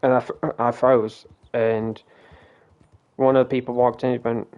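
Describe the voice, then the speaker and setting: A man's voice: medium pitch, measured pace, dull audio. British man telling a rambling story. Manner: rambling and animated, swears, frequent restarts. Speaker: game streamer. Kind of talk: casual storytelling.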